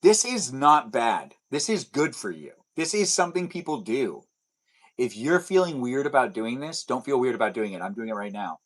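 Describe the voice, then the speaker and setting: A man's voice: medium pitch, big pitch swings, normal speed. Young man, livestream host, rambling, answering chat, indoors at home. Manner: chatty, rambling, answers chat messages aloud. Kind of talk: casual livestream chat reading comments.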